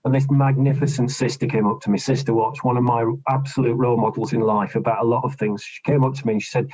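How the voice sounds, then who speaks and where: A man's voice: mid-range voice, fairly even intonation, fast talker, a little mellow. A man, a trade union official, explaining negotiation tactics in a podcast interview, often repeating words and restarting. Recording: dull lo-fi recording.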